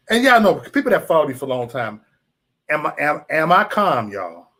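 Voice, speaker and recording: A man hosting a live stream, venting at trolls in chat with heavy cursing. His pitch swings up and down a lot as he mocks and scolds. He talks loosely, as if to regulars. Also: breathy edge. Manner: profane, animated, mocking chat trolls. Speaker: livestream host.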